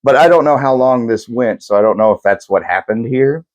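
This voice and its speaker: A man's voice: mid-range voice, brisk, a little mellow, highs cut off. A young man co-hosting a podcast, telling history casually in a rambling, profane way and acting out what people said. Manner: profane, rambling storyteller, acts out quotes. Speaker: podcast co-host.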